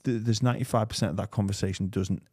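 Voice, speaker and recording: A man in his thirties with a Liverpool accent, hosting a casual podcast chat and telling rambling, animated stories with acted-out quotes. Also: on the low side, very fast, dry recording, studio quality. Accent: Liverpool English. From England. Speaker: podcast host.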